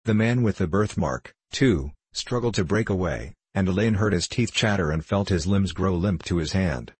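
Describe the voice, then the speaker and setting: A man narrating a historical adventure audiobook in a steady, measured reading. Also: deep voice, slightly rough, dry recording. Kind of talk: scripted narration.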